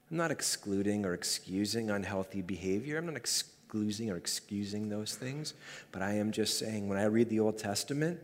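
A man preaching a sermon as pastor, emphatic and building to loud peaks. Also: fairly low pitch, moderate pace. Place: church sanctuary. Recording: hall reverb.

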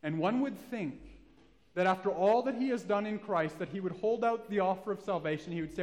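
A man preaching a sermon, earnest and pleading, rising to loud climaxes. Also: sits high, fairly quick. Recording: long reverb of a hall.

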